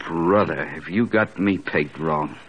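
An actor playing a guarded, hard-bitten small-time gangster who talks in curt, deadpan slang, in 1940s radio acting. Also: male voice, a bass voice, slow pace, a little hiss or hum. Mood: gruff. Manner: slangy tough-guy talk, curt and deadpan. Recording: muffled old radio broadcast.

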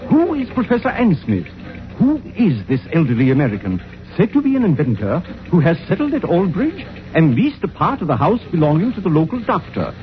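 A man's voice: fairly high pitch, wildly swooping pitch, a little fast. A man narrating a 1940s radio drama in a dramatic, declamatory newsreader style, on a dull old recording.

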